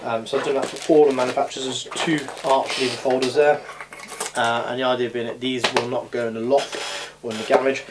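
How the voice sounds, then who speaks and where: A scale model hobby vlogger chats casually from his home hobby room, rambling with frequent ums and uhs. His medium-pitched voice is brisk and flat in delivery. Recorded on a camera mic, the clip has audible background noise.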